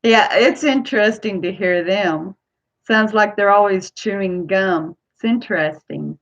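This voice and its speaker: A woman's voice: medium pitch, a little slow, dull audio. A woman from Ohio with a Kentucky accent, chatting to camera in a rambling way as a vlogger. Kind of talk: casual chat to camera.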